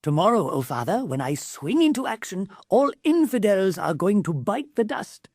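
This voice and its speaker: A woman's voice: mid-range voice, sing-song, moderate pace, a little mellow, no echo, clean studio sound, voice pushed up. A woman voicing a brash, boastful young male genie in a storybook. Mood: cocky. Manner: brash, boastful, casual slang.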